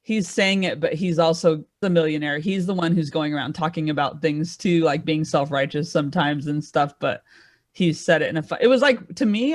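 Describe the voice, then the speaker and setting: A woman's voice: low voice, dry recording, studio quality. A woman comedian talking casually on a comedy panel, rambling with lots of "like" fillers. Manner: rambling, chatty, frequent "like" fillers. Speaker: comedian guest.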